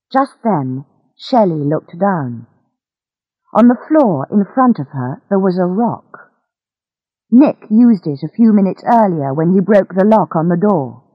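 A woman reading a graded-reader story aloud in a slow, careful, clear way. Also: fairly low pitch, no echo, highs cut off. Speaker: narrator. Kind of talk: graded-reader audiobook narration.

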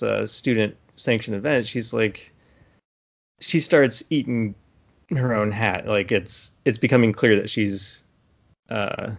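A man's voice: lowish voice, creaky, lo-fi sound. A man in casual podcast chat, animatedly retelling a TV episode with lots of fillers. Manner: animated retelling with acted-out quotes, many fillers. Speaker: podcast co-host.

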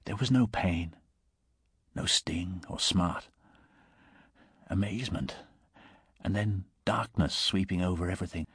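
A man reading a short story aloud in a measured, steady narrating voice. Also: sits low, husky, no echo, studio quality. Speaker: reader.

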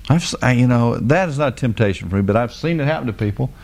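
A man's voice: medium pitch, lively intonation, fast, creaky, darkish tone. A man preaching a casual, folksy sermon in plain everyday words. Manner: folksy, plain-spoken, mimics people with sing-song voices.

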